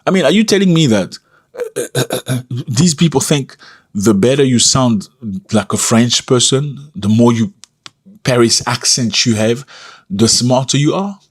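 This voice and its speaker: A man speaking English as a second language hosts a casual commentary, his voice husky with a mid-range pitch. He talks emphatically and keeps his delivery animated, with sudden rises in pitch whenever he stresses a point. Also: moderate pace. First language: not English. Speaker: commentary channel host.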